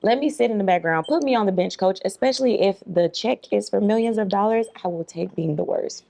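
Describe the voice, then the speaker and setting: A woman's voice: mid-range voice, fairly quick, creaky, warm tone. A female podcast guest talking frankly in casual chat, with joking asides.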